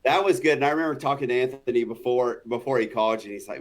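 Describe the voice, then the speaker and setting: A man's voice: mid-range voice, racing. A man hosting an interview podcast, easygoing and affirming, with frequent "yeah" and "uh". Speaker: podcast host. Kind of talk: casual interview chat.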